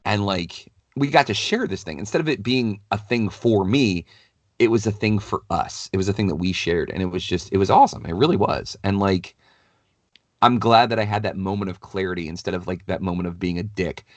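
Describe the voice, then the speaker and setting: A middle-aged man, a podcast co-host, telling a story in a casual, animated way full of fillers, fighting a cold. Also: deep voice, brisk, no echo. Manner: animated, rambling, many "like" fillers. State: has a cold, clears throat.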